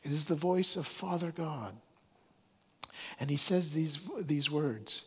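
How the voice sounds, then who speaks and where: A male preacher retells a scripture story in an earnest, stumbling way and keeps restarting his words. His voice sits a little high with a husky edge. It rings out with a long reverb, as in a large hall. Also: slow pace, pauses often. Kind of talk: sermon.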